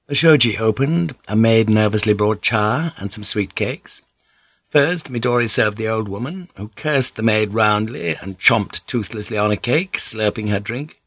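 A man narrating an audiobook in a measured storytelling manner. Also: on the low side, lively intonation, fairly bright tone, slightly rough, no echo. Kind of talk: scripted narration.

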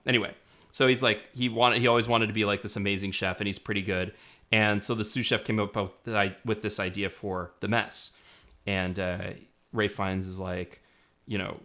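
Young guy podcast cohost, bright tense voice, rambly and laughs a lot. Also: on the low side. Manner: rambling, laughs often, quick asides. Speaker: podcast co-host. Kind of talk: casual film review chat.

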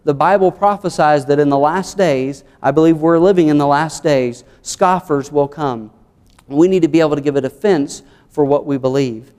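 A man's voice: fairly high pitch, normal speed, darkish tone, clean tone, in a large hall. A man with a Southern American accent, an earnest pastor preaching a sermon through numbered points and scripture. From United States.

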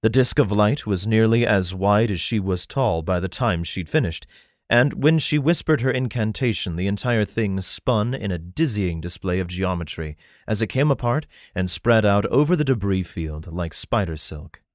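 A man narrating a fantasy novel in a steady, even storytelling manner. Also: lowish voice, normal speed, no room sound, clean studio sound. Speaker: audiobook narrator.

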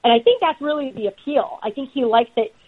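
A woman in her thirties talks on a podcast, telling animated, laugh-filled stories. Her voice sits fairly high and has a husky edge. The sound is a little dull and lo-fi. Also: brisk. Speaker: podcast guest, football reporter. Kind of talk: casual chat.

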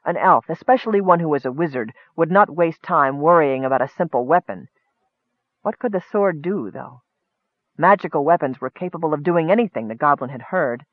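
A man reading a fantasy story aloud in steady narration. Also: fairly high pitch, normal speed, dry recording. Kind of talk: audiobook narration. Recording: tinny phone-like line, dry.

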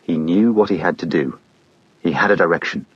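A man narrating an audiobook in a measured, steady storytelling manner. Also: sits low, breathy edge, dry recording, dull audio.

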